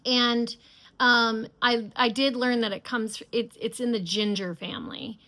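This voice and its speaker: A woman's voice: on the high side, steady tone, unhurried, sharp tone. A middle-aged woman hosting a knitting podcast, chatting casually and enthusiastically with many fillers and restarts. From United States. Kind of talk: casual chat.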